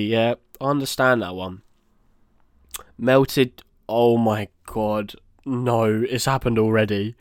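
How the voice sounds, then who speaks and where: A man's voice: fairly low pitch, smooth, no room sound, clean studio sound. A man hosting a casual solo commentary, reacting with blunt, exasperated remarks. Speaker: host.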